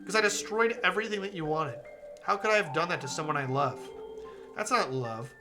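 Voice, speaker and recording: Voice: mid-range voice, lively intonation, brisk, music in the background, close to an everyday voice. A streamer reading aloud as a young woman game character, a club president who pleads, accuses and then turns remorseful.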